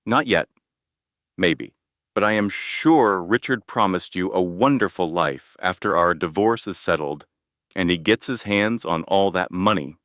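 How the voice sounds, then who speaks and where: A man voicing a composed, confident young woman who speaks in a cool, steady way. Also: deep voice, measured pace, no room sound, clean studio sound.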